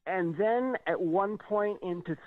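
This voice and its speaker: A man guest on a radio show, telling a personal story in an animated, slightly nervous way and acting out what people said. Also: high-pitched, slow, no room sound. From California. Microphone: phone. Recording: tinny phone line, dry.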